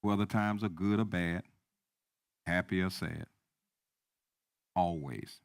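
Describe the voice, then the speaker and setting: A man preaching a sermon as pastor, repeating key lines and swinging from quiet talk to loud emphasis. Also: low voice, steady tone, slow, gravelly, clean tone, no echo, clean studio sound.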